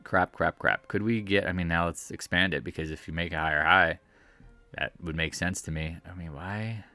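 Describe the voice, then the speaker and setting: A man's voice: deep voice, normal speed, sharp tone, no room sound, faint music behind. Jokey, rambling man reviewing market charts. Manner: rambling, jokey, talks to the viewer while scrolling charts. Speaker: market commentator. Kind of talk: casual chart review commentary.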